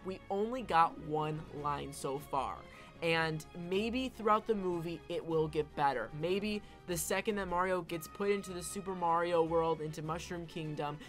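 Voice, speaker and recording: A woman's voice: lowish voice, a bit bright. A woman giving casual opinion commentary as an online film commentator, emphatic and often tagging her points with "all right?".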